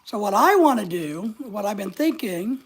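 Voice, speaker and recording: A woman's voice: mid-range voice, very animated, moderate pace, slight background noise. A woman, no longer young, hosting a rambling, chatty live stream and reading out viewer comments as she goes. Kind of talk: casual live-stream chat.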